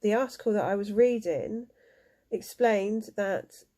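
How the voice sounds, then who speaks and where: Woman doing a card reading, mellow voice, emotional, lots of ums. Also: medium pitch. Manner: emotional, soft-spoken, halting with fillers. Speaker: tarot card reader. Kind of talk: spiritual card reading to camera.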